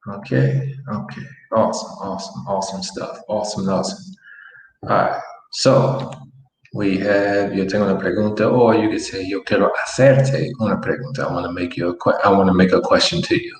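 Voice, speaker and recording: Male language teacher, relaxed and repetitive, deeper voice, roomy recording. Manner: relaxed, repeats phrases slowly while writing on a board. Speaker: Spanish teacher. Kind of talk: online language lesson. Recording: echoey room with faint noise.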